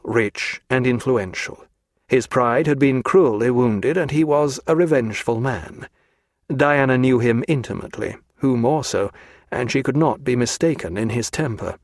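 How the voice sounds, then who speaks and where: Measured man reading a novel, dry sound. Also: medium pitch, no room sound. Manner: measured, even storytelling. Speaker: audiobook narrator. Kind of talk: scripted narration.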